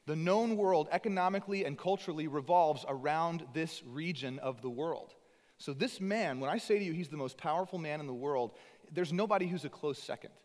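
A man preaching a sermon as an animated, conversational storyteller. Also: medium pitch, big-room sound. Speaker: pastor.

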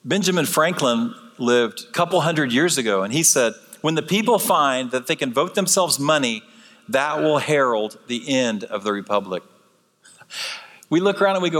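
Guest preacher, male, mid-pitched, lively delivery, big church reverb. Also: moderate pace. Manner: animated, acts out quoted voices. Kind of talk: sermon. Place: church sanctuary.

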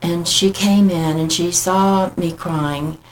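A middle-aged woman, a guest, telling her personal faith story in an earnest, halting, heartfelt way. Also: fairly low pitch, steady tone, slight background noise, poor audio.

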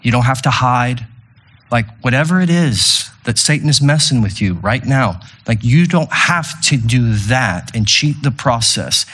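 A man's voice: mid-range voice, expressive, a little slow, hardly any pauses, fairly bright tone, breathy edge. A man preaching as pastor to a congregation in a church room, earnest and repeating his phrases with stumbling restarts as he leads communion and prayer. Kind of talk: sermon leading communion and prayer.

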